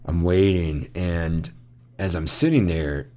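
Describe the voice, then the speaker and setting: Deep-voiced man telling a rambling story. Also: fairly even intonation, slow pace, a little mellow. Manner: rambling storyteller, laughing often. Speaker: podcast co-host. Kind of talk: casual chat.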